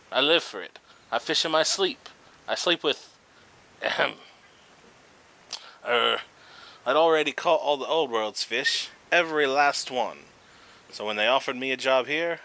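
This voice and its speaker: Man doing a loud, upbeat Aussie fisherman, punny and obsessed with fishing, higher than his own voice. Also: close to an everyday voice, poor audio. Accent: put-on Australian. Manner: hammy, punning, loud and upbeat. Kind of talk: reading game dialogue in character.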